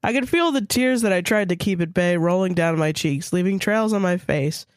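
A woman's voice: lowish voice, moderate pace, dry recording, studio quality. A woman co-hosting a podcast, reading a story aloud with casual, crude asides. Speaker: podcast co-host.

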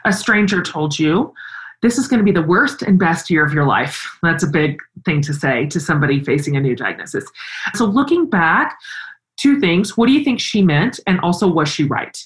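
A middle-aged woman with a low voice hosts a conversational interview. She speaks earnestly and tells stories with animation. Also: moderate pace, poor audio. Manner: earnest, expressive, animated storytelling. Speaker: interview host.

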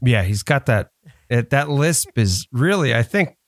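A man's voice: medium pitch, lively intonation, a little slow, no room sound, studio quality. A man appearing as a podcast guest in casual chat, offering film trivia in a knowledgeable, matter-of-fact way with small hesitations.

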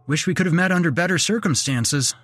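A man playing a steady take-charge leader. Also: on the high side, a little fast, breathy edge, no room sound, pitched above the performer's own voice. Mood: determined.

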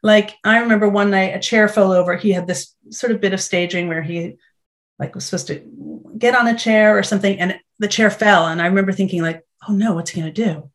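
A middle-aged actress chatting as an interview guest, telling lively stories and acting out what people said. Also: female voice, mid-range voice, brisk. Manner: animated storytelling, acts out quotes. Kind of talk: casual interview chat.

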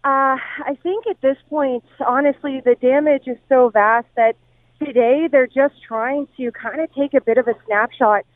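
A woman news reporter on the scene, talking in a halting way, repeating words and restarting sentences over the phone. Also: high-pitched, fairly even intonation, no echo. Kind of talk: live phone interview. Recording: tinny dry phone line.

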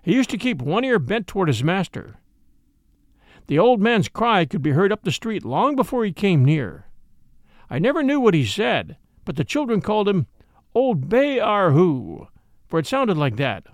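A man narrating a classic novel as an audiobook, telling the story expressively. His voice sits high and swings widely in pitch. The sound is close and dry. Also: very animated, moderate pace, no room sound. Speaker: narrator and show host.

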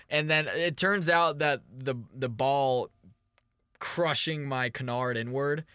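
A young man co-hosts a casual podcast, telling rambling stories with a joking edge. His voice is bright and forward, sitting at a middle pitch. The recording is dry and close, with no room sound. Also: huge pitch swings, slow, clean tone, dry recording. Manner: rambling, jokey storytelling. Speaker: podcast co-host. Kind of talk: casual chat.

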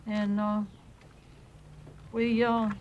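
A woman in a documentary clip, speaking slowly and haltingly as she rambles through her explanation. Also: medium pitch, flat delivery, a little mellow, lo-fi sound, a little hiss or hum. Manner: slow, rambling, halting speech. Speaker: documentary subject. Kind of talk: interview clip from a film.

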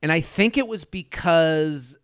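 A man co-hosting a podcast in casual chat, animated and rambling, with repeated stammered restarts. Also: fairly high pitch, unhurried, clear, resonant tone, no echo, clean studio sound. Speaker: podcast co-host. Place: remote recording over a video call.

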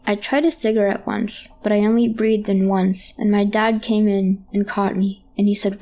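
A woman with a soft, mellow tone tells a creepy first-person tale. She talks in halting, hushed phrases, like a frightened child trying to explain, and often stumbles over her own words. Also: mid-range voice, steady tone. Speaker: storyteller. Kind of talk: first-person horror story narration.

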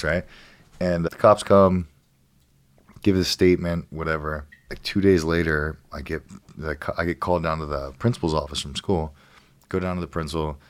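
A man's voice: very deep voice, fairly bright tone, no echo. A man in his thirties, a guest on a podcast, telling a story in casual, profane talk and acting out the quotes. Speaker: guest, professional fighter.

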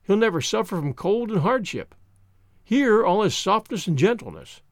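A man reading a storybook puts on a higher voice for an earnest young wife who pleads passionately. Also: sing-song, brisk, no room sound, studio quality. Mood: pleading.

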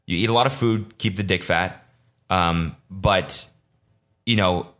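A man's voice: deep voice, a bit bright. A young man hosting a solo podcast, ranting in a profane, rambling, exasperated way and slipping into mocking voices. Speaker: podcast host. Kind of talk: casual solo podcast rant.

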